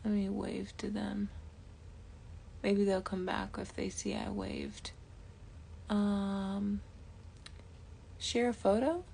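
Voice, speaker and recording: A woman tarot reader chatting casually on a live stream, rambling and thinking aloud with soft whispered asides. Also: medium pitch, lively intonation, slow pace, creaky, pauses often, slight background noise. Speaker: tarot reader and jewelry maker.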